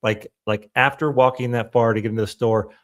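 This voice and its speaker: A man's voice: mid-range voice, fairly even intonation, brisk. Male co-host, casual chat, sums up and moves the talk along. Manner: affirming, recaps and steers topics, stammers. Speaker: podcast co-host. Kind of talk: casual conversational podcast talk.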